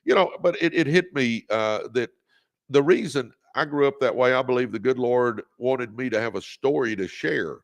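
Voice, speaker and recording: A man with a creaky, mid-range voice hosts a motivational livestream at normal speed, exhorting viewers and reading out their comments. He's preachy and leads call-and-response, picked up by a phone or webcam.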